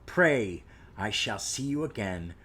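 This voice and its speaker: A man reading a vengeful ghost pirate's curse aloud from a comic, slow and solemn. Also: lowish voice, animated, pushed and bright, slightly rough, pitched below the performer's own voice, heavily acted. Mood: grim cursing.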